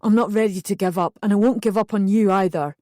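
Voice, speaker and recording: A woman reading an audiobook, voicing a tearful young man who speaks earnestly and quietly to his partner. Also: medium pitch, quick pace, dry recording, clean studio sound, close to an everyday voice. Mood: pleading.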